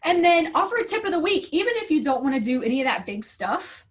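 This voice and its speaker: A woman's voice: high-pitched, quick pace. Upbeat woman teacher telling classroom stories. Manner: upbeat, storytelling, lively quoted voices. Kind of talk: conference talk.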